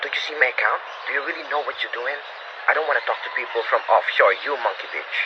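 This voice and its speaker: A rude, impatient male customer firing off insults at high speed, as a man acts him out. The recording is muffled and hissy with loud noise behind. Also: quick pace, close to an everyday voice. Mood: furious. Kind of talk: comedy sketch role-play.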